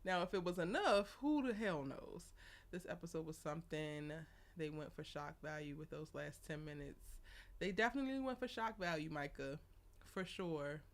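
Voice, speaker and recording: A woman's voice: deep voice, moderate pace. A young woman hosting a casual live stream, chatty and laughing often as she greets viewers by name. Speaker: live show host.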